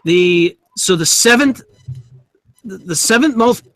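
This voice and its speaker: High-voiced man in halting sports chat. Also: animated, a bit bright, no room sound. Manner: halting, restarts words often. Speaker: podcast co-host.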